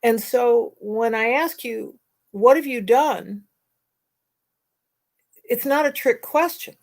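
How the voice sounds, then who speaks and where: A woman with a fairly high voice tells a story in a blunt, animated way. She sounds exasperated as she hosts a casual talk. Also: slow, gravelly. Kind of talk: casual conversation.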